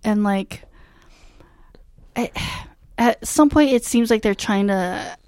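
A woman's voice: mid-range voice, slow pace, darkish tone, dry recording. A woman co-hosting a casual movie chat, blunt and teasing, rambling a little. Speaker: podcast co-host.

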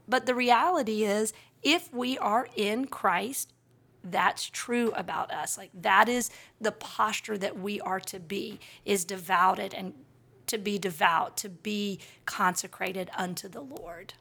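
A woman's voice: medium pitch, a bit bright. A woman co-hosting a casual faith podcast, talking in an earnest, reflective way. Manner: earnest, reflective, quick bursts of laughter. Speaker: podcast co-host.

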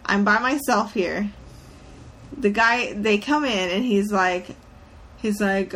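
A woman in casual chat, telling a story with lively, swearing animation. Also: medium pitch, moderate pace.

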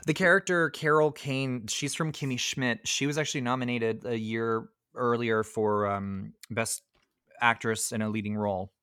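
A man hosts a podcast in a casual, chatty way, often restarting his sentences. His tone is bright and forward, and his voice is recorded dry with no room sound. He gets animated when he retells scenes. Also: medium pitch, moderate pace, smooth, no echo. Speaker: podcast host. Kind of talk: casual film discussion.

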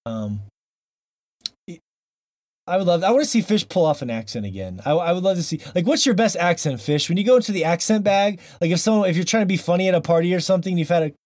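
A man hosting a podcast in a casual chat. He talks in an animated, joking way that tends to ramble. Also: high-pitched, quick pace, dry recording. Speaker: podcast host.

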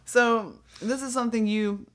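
A woman's voice: on the high side, steady tone, moderate pace, crowd noise. A woman co-hosting a casual podcast chat, talkative and playful, laughing often. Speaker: podcast co-host.

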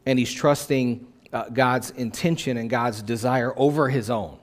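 A man's voice: mid-range voice, a little slow. Emphatic male pastor preaching a sermon. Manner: emphatic, repeats key phrases for effect; conversational, plain-spoken preaching.

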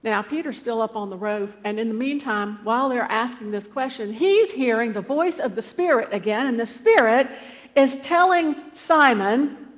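A woman preacher retells a scripture story conversationally, with asides and small fillers. Her voice sits fairly high. A long hall reverb follows every phrase. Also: lively intonation, moderate pace. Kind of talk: storytelling sermon.

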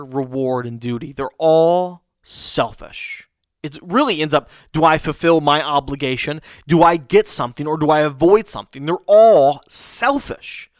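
Halting male preacher, dry close sound. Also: fairly high pitch, fairly bright tone, dry recording. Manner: halting, frequent restarts, rhetorical "right?". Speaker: pastor. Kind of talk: conversational sermon.

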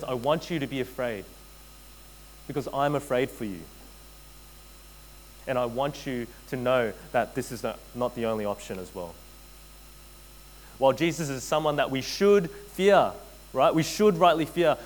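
A man preaching a sermon, earnest and direct, addressing his listeners as friends and repeating key phrases, often dropping to a hushed intensity. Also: medium pitch, slight background noise, poor audio. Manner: addresses listeners as friends, frequent tag questions. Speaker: pastor.

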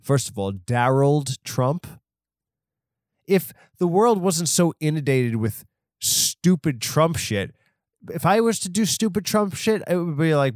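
Man, comedy podcast host, rambling monologue, restarts and tangents, mid-pitched voice, dry close sound. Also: a little mellow, no room sound. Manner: rambling, self-interrupting, absurd tangents.

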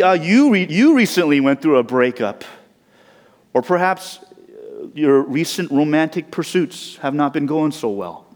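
A young man from Southern California preaching a sermon in a conversational, personal way, with rhetorical asides to the congregation. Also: on the high side. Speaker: pastor. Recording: long hall reverb.

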